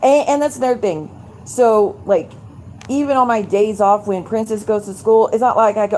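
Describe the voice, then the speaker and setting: A woman rants angrily into her live stream at home at night, cursing freely and rambling from one complaint to the next. Her voice is dark and mellow, and she talks straight to her viewers in a casual way. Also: a little high, moderate pace, a little hiss or hum. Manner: angry, profane, rambling rant to viewers. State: angry.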